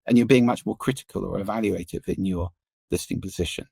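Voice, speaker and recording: A middle-aged man, a podcast guest, explaining listening and voice in an animated, expressive way that shifts pace and pitch for emphasis. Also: quick pace, creaky, breathy edge, no echo. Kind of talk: interview conversation.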